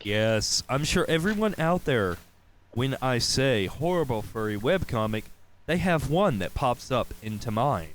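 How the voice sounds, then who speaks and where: Southern-ish guy hosting a podcast, slow and swingy, cusses a lot, bit of hiss. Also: medium pitch, animated. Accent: slight Southern drawl. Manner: loose, swearing, drawn-out delivery. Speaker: podcast host. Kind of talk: casual podcast chat.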